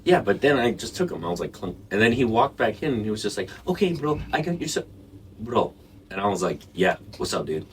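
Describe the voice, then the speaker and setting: Podcast co-host: lively low-voiced man, crude storyteller, a bit off-mic with faint noise. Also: fast talker, recorded from a distance. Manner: animated, laughing, swearing, acts out quotes. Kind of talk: casual storytelling chat.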